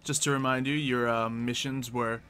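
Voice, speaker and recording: A man's voice: medium pitch, level tone, moderate pace, sharp tone, slight background noise. A man narrating a tabletop game as game master, in a loose style full of fillers.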